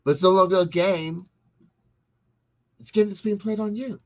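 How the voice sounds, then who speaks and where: A man's voice: sits high, steady tone, moderate pace, poor audio. A man hosting a livestream, giving meandering commentary and answering chat, often restarting and repeating his words. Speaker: channel host reading live chat.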